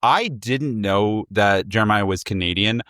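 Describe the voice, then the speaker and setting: A man's voice: fairly low pitch, a little slow, fairly bright tone, no echo, studio quality. A man co-hosting a casual podcast chat, easygoing and prone to small chuckles between points. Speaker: guest co-host.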